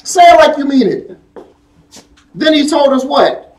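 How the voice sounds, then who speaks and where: A man's voice: extremely high pitch, lively intonation, a little slow, darkish tone. A man preaching a sermon and reading scripture, emphatic and conversational, drawing call-and-response from his congregation. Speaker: pastor. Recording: echoey room, speaker far from the mic.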